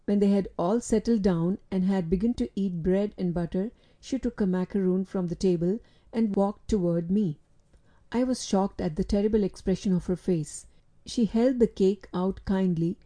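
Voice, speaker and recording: A woman narrating a storybook in a steady, clear reading voice. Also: mid-range voice, moderate pace. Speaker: audiobook reader.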